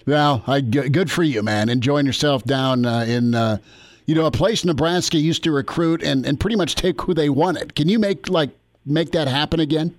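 A man's voice: fairly high pitch, no room sound. A man hosting a sports talk radio show, upbeat and casual. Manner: upbeat, casual, quick ad reads.

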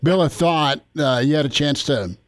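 A man's voice: on the high side, no room sound. A man hosting a sports talk radio show, upbeat and casual. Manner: upbeat, casual, quick ad reads.

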